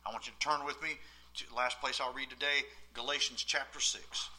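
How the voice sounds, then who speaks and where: A male pastor preaching a sermon from the pulpit in a church, swinging between loud emphatic outbursts and quiet asides. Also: medium pitch, steady tone, fast, slight background noise.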